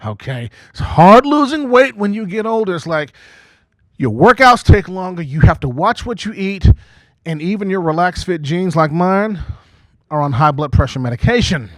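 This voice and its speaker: Dry-voiced stand-up comic over forty. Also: male voice, high voice, sing-song, moderate pace, no echo. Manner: conversational, frequent "okay?" asides, acts out quoted voices. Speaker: stand-up comedian and emcee. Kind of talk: stand-up comedy set. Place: small community TV studio stage before a live audience.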